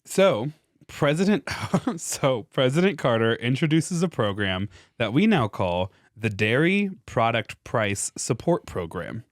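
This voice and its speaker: A man's voice: medium pitch, very animated, unhurried, dry recording, studio quality. A young man with a Midwestern accent, explaining a history topic in a loose, casual podcast chat, peppered with "like" and casual swearing. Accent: Midwestern American. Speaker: podcast host presenting research.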